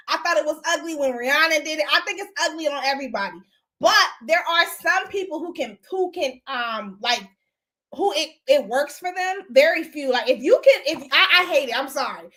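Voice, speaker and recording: A woman's voice: high-pitched, a bit bright. A woman hosting a casual live stream, gossiping bluntly and profanely while she greets and answers viewers. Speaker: host.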